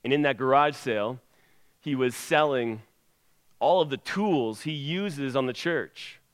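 A man's voice: medium pitch, measured pace. Emphatic preacher man in echoing hall. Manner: emphatic, rising and falling delivery. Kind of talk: sermon. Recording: long hall reverb.

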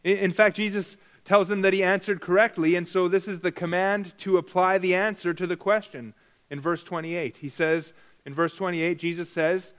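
A man delivers a verse-by-verse Bible teaching in a voice that sits a little high for a man. He hammers key words through repetition. He often restarts phrases and corrects himself mid-sentence. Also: level tone, moderate pace, fairly bright tone, clear, resonant tone. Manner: frequent restarts and self-corrections. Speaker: preacher.

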